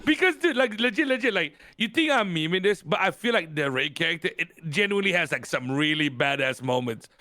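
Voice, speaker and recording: A man in casual podcast chat, his pitch leaping up and down as he tells stories. He swears freely and laughs a lot. The sound is dry and close. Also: lively intonation, brisk, hardly any pauses, bright, forceful tone, no echo. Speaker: podcast guest.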